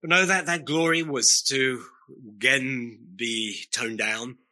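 A man preaching a sermon to his congregation, earnest and emphatic, leaning on slow, stressed phrases. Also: mid-range voice, bright, forceful tone.

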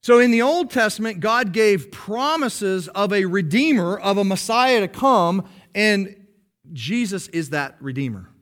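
Man, pastor, sermon, high voice, very animated pitch, emphatic. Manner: emphatic, slows down to stress key phrases; explains patiently to a congregation.

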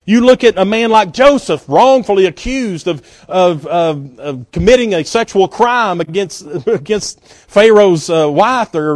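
A man preaching a sermon as guest pastor, in a folksy, conversational way that swings between emphatic peaks and quiet, drawn-out asides. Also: high-pitched, no room sound, studio quality.

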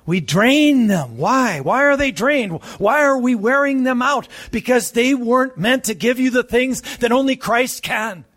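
A man preaching a sermon, moving between urgent raised passages and quiet, hushed ones. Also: very high-pitched, a little slow, few pauses. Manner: preaching with sharp swings from loud urgent peaks to hushed tones.

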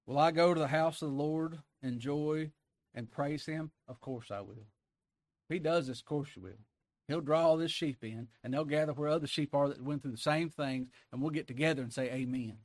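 A man's voice: fairly high pitch, normal speed, darkish tone, dry recording, clean studio sound. A man preaching a sermon, folksy and emphatic, rising into a preaching cry. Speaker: pastor.

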